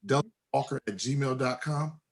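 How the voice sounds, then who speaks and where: Guy hosting a town meeting on a video call, lots of restarts and uh's, medium pitch. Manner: halting, many restarts and fillers. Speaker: state delegate co-hosting a community meeting. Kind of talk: online community meeting.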